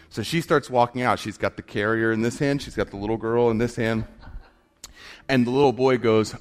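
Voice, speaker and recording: A man preaching, mid-pitched and conversational. He tells stories with humor and drops to a hush for effect. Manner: storytelling with humor, quick shifts from loud to hushed. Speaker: pastor. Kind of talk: sermon.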